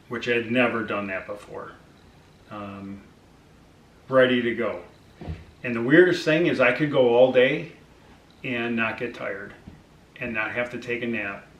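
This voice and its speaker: A man's voice: mid-range voice, fairly bright tone, reverberant, distant mic. A middle-aged man casually recounting his personal diet experience, acting out conversations with his doctor and using many fillers. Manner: conversational, acts out dialogue with frequent fillers. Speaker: vlogger sharing his diet journey.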